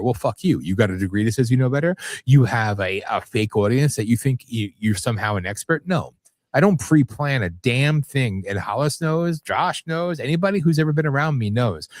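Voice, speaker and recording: A man's voice: mid-range voice, no echo. A man hosting a live talk radio show, ranting bluntly with plenty of profanity. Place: radio studio.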